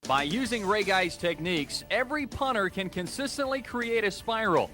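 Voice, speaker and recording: A man putting on a bright, high-pitched sports-tip announcer. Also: animated, moderate pace, soft background music. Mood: pompous.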